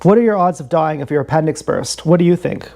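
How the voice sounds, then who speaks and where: Young male streamer, mellow tone, a touch high, meandering and profane, jokey story delivery. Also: animated, fast talker, vocal fry. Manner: meandering, profane, joking, repeats himself. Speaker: livestreamer. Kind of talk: rambling livestream storytelling.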